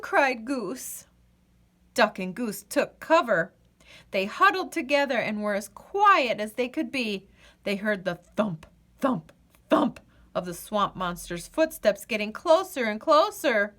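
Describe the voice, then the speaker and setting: A woman reading a children's picture book aloud in a gentle, expressive way. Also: fairly high pitch, slow. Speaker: children's story reader. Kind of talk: read-aloud storytelling.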